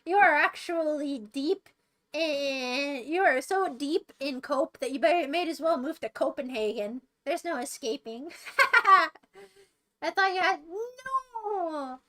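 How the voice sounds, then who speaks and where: A woman's voice: sits high, unhurried. A young American woman streaming, chatting casually and playfully taunting her chat with mock boasts. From United States. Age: young adult.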